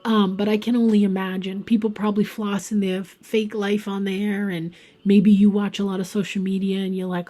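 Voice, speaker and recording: A woman giving a casual pick-a-card tarot reading, chatty and emphatic, talking straight to her viewers and sometimes dropping to a soft whisper for emphasis. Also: medium pitch, little pitch movement, normal speed. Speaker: tarot reader.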